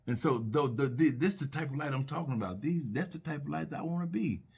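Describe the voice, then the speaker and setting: A man's voice: fairly high pitch, fast talker, creaky, husky. A middle-aged man sharing personal reflections on faith and love, earnest and repetitive, full of rhetorical questions and restarts.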